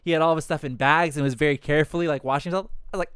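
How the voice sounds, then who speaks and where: A young man, co-hosting a podcast and telling animated, profane stories about his retail job, acting out the people in them. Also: fairly high pitch, racing, clean tone, no room sound, studio quality. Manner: animated, profane, acts out quoted dialogue. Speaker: podcast co-host. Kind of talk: casual chat, storytelling.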